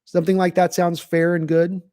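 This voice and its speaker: A man's voice: high voice, flat delivery, fairly quick, warm tone, clear, resonant tone, dry recording, studio quality. A man hosting a live sports stream, chatting casually and answering viewers' questions from the chat as he thinks aloud. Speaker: podcast host reading live chat.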